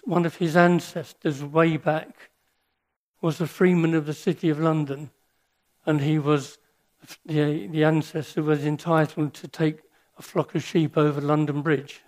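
An older man preaching a sermon with a slightly raised pitch. He talks at an unhurried pace, earnest and reflective, and pauses to gather his thoughts. He weaves personal stories into the message. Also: a little mellow.

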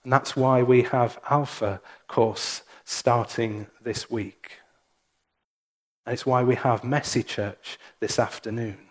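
Speaking in a mid-range voice, a man who serves as the church's minister preaches slowly and carefully, leaving pauses throughout his sermon.

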